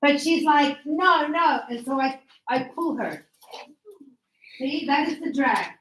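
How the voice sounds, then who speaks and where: A woman leads a classroom lesson, speaking slowly in a high voice as she explains patiently and acts out examples. The room is echoey, with a faint hum of noise behind. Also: lively intonation. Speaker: English teacher. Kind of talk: classroom teaching.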